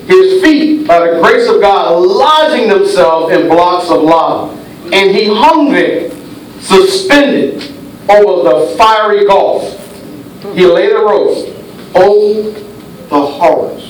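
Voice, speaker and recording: A high-pitched man preaches a dramatic sermon, dropping to a hush and then rising to a shout. He sounds far off, his voice ringing through a very echoey church hall over a faint hiss. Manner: dramatic storytelling preaching, swinging between hushed and shouted.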